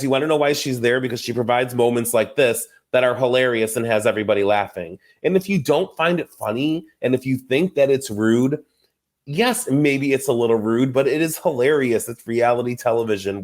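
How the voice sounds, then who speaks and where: A young adult man hosting a casual recap podcast, gossipy and chatty, often laughing and acting out quotes. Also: medium pitch. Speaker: podcast host.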